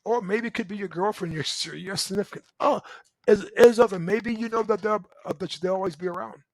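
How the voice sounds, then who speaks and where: A middle-aged man speaks in a high, ringing voice, loud and emphatic as he coaches his listeners through a motivational talk. He keeps checking in with a quick "right?", and the sound is dry and close. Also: no echo, poor audio. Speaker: relationship coach and show host.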